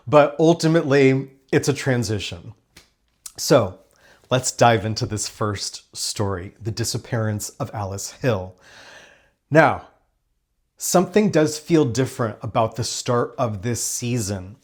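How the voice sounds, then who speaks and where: Guy doing a chatty tv review, enthusiastic, rambles a bit, mid-pitched voice. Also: unhurried. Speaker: TV review host. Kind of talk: casual spoiler review.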